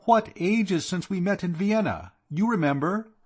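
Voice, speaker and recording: A man's voice: on the high side, animated, a little slow, pitched above the performer's own voice. A man voicing a gushing, effusive middle-aged society woman in an audiobook.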